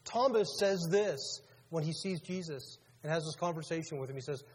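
A man's voice: on the high side, normal speed, breathy edge. A male pastor preaching a sermon in a conversational way, asking his congregation questions as he goes. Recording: long reverb of a large hall.

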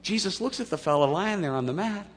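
Animated man preaching in a reverberant hall. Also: high voice, fast. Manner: animated storyteller, acts out voices, jokes. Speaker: pastor. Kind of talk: sermon.

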